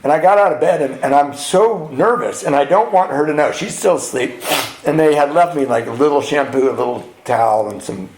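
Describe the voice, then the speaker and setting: Guy at a men's retreat telling his story, acts out what everyone said, kinda high voice, echoey hall. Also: a little fast, darkish tone. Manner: candid storytelling, acting out other people's lines. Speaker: retreat speaker. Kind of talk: personal recovery story told to a group. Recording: roomy echo in a retreat hall.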